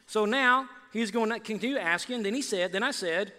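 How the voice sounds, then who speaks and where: High bright-voiced man preaching, animated, acts out the voices, long echo in a church. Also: fairly quick, hardly any pauses. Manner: animated, acts out biblical voices with rising emphasis. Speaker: pastor. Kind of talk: sermon. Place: church sanctuary. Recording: long hall reverb.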